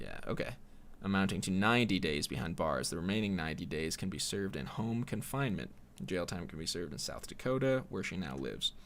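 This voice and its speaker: Low-voiced guy on his solo podcast, swears a lot, rambles, voice goes up and down a lot. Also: a bit bright. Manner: profane, rambling, sardonic. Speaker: podcast host.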